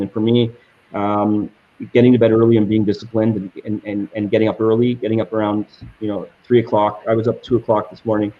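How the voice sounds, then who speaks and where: A man's voice: medium pitch, warm tone, dull audio. A man answering as a guest in an interview. He talks with passion and often repeats words as he restarts his sentences. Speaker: guest entrepreneur.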